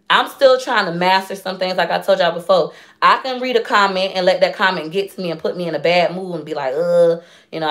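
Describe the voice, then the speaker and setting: A young adult woman vlogging in casual chat to her viewers, candid and emotional, telling stories in long run-on sentences. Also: on the low side. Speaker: YouTube vlogger.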